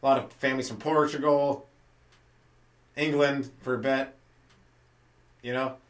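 A man's voice: medium pitch, flat delivery, measured pace, reverberant. Man, stand-up comedian, rambling podcast monologue, profane, distant mic. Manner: loose, profane, conversational with rhetorical questions.

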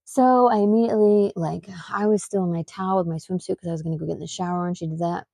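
Woman, mother hosting a podcast, casual rambling storytelling, emphatic, mellow dark tone, dry sound. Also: on the low side, steady tone, fast talker, gravelly, no room sound. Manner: rambling, with many fillers and restarts.

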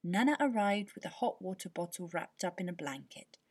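A woman with a breathy voice, gently and expressively narrating a children's bedtime story. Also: lowish voice, lively intonation, fairly quick.

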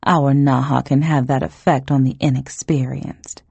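A woman's voice: extremely low pitch, little pitch movement, normal speed, creaky, dark tone, breathy edge, dry recording, heavily acted. A woman voicing an amused, condescending noblewoman who teases her cousin, read as part of an audiobook. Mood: mocking. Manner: teasing, condescending.

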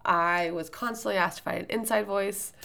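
A loud woman with a mid-range voice and vocal fry talks briskly while hosting a solo podcast. She gives writing tips in a casual, rambling style, full of fillers and restarts.

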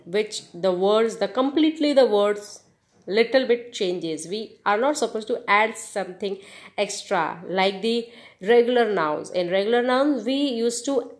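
A woman's voice: mid-range voice, measured pace. A woman hosting a podcast English lesson, spelling words out letter by letter and encouraging her listeners. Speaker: podcast host teaching English. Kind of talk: slow spelled-out grammar lesson.

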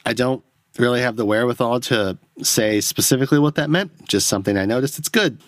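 A man's voice: mid-range voice, fairly quick, no echo, clean studio sound. Tipsy, rambling male podcast host. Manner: rambling, self-deprecating. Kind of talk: solo film-review podcast. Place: home, alone in a chair at night. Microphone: studio mic close up.

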